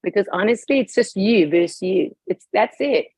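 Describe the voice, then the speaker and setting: A woman's voice: mid-range voice, lively intonation, moderate pace, darkish tone, breathy edge, dry recording. A woman guest talking with passion, emphatic and outspoken about her views. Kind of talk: passionate personal talk. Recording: dull lo-fi recording.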